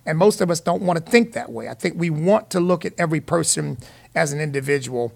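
A man's voice: on the high side, expressive, fairly quick, creaky. A middle-aged man hosting a call-in radio talk show, speaking in an emphatic, preacherly, folksy way. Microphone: studio microphone.

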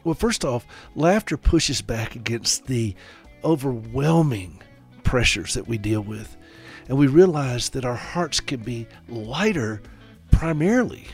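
A man from South Carolina hosting a radio talk show, speaking straight to his listeners with sarcastic, animated humor. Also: mid-range voice, unhurried, faint music behind. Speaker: radio host.

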